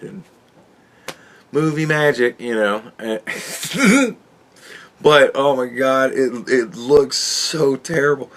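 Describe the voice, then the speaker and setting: A man's voice: medium pitch, slow pace, fairly bright tone. A man hosting a podcast, ranting in a casual and profane way, with exasperated outbursts and laughs. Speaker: podcast host reviewing a book.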